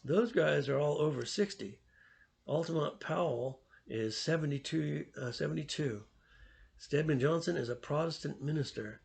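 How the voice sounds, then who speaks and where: A man's voice: on the high side, creaky. A man voicing an earnest, thoughtful teenage boy in a read-aloud storybook.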